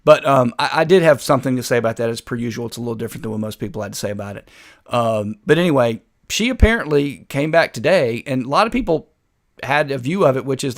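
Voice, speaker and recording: A man's voice: mid-range voice, lively intonation, quick pace. A man hosting a political commentary show, talking in a sarcastic, combative way. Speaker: host.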